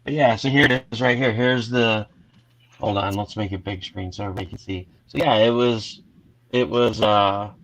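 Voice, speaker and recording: A man's voice: lowish voice, fairly even intonation, moderate pace, fairly bright tone, rough recording. A man hosting a casual live stream, rambling through a story and acting out what his friends said. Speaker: host.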